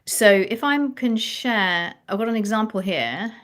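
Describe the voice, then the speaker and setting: A woman's voice: mid-range voice, lively intonation, unhurried, a bit bright. A woman songwriting coach explaining melody writing in a thoughtful live-stream chat, often restarting her phrases.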